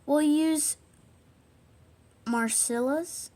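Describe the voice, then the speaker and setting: A woman's voice: high-pitched, extremely slow, warm tone, voice pushed up. A woman reading the lines of a kind, cheerful girl rag doll in a storybook, in a plain reading voice.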